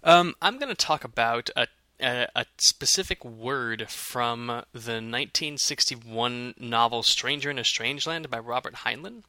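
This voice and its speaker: Bright-voiced man chatting casually. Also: mid-range voice, measured pace, few pauses, no room sound. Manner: chatty, hesitant, many fillers and restarts. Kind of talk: casual chat.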